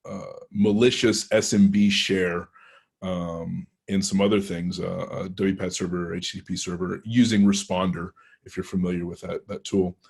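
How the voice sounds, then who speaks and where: A man's voice: sits low, flat delivery, moderate pace, creaky, a little mellow, slightly rough. A man with a Texan accent, a penetration tester telling a story to a club, rambling and hesitant with many restarts. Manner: rambling anecdotal delivery, frequent hesitations and restarts. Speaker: penetration tester guest speaker.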